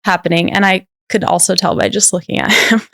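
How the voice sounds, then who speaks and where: A woman's voice: medium pitch, steady tone, fairly quick, fairly bright tone, dry recording, clean studio sound. A woman guest on a podcast telling a personal story in a candid, rambling way, full of "like" fillers.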